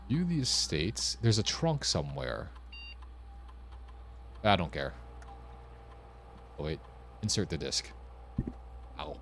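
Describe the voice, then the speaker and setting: A man's voice: low voice, creaky, a little hiss or hum. A young man streaming a puzzle game, thinking aloud as he works through its clues. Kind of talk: casual gameplay commentary.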